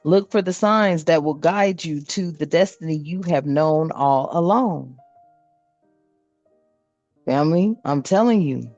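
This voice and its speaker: A low-voiced woman talks through a spiritual card reading in a loose, casual way. She swears bluntly and laughs often. The recording is dry and a little muffled, with faint music behind her. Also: slow pace, pauses often, darkish tone, dry recording.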